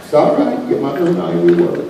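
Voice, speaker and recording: A man from Canada joking with the audience at a convention panel Q&A and breaking now and then into shouts. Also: deep voice, big pitch swings, fairly quick. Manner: joking, shifts into bursts of shouting. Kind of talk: lively convention Q&A banter. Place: large convention hall. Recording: echoey convention hall, distant mic, loud crowd. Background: audience noise and cheering.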